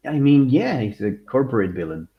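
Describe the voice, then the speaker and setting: A man's voice: medium pitch, very animated, moderate pace, highs cut off. A man co-hosting a casual podcast, with joking, sarcastic asides. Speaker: podcast co-host. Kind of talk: casual chat.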